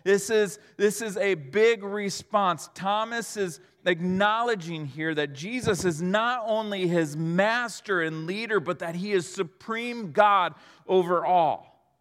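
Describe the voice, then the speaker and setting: A man preaching a sermon in an earnest way, moving between hushed and emphatic delivery. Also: sits high, slow pace, long reverb tail.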